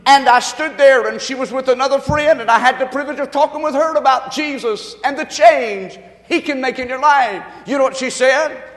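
A man's voice: very high-pitched, moderate pace, hardly any pauses, fairly bright tone, in a large hall. A man preaching a sermon as pastor, telling a folksy story with emphatic delivery.

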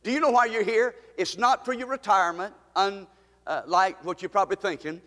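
High-voiced preaching man in a reverberant hall. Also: fairly quick, fairly bright tone. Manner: impassioned, repetitive preaching with pleading rises. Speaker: pastor. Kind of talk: sermon.

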